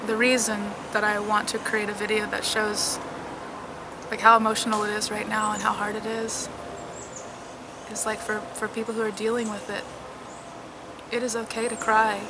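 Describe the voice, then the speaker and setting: A middle-aged woman who is unwell and worn out, talking candidly in a personal vlog, halting, sometimes soft and sometimes loud. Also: mid-range voice, flat delivery, very noisy. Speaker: vlogger.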